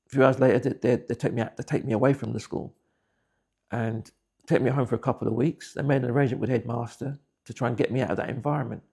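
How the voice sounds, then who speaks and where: Guy in his 50s, husky dark voice, blunt way of telling what happened to him. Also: medium pitch, steady tone, fast. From England. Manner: blunt plain-spoken storytelling. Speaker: interviewee. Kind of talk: personal testimony.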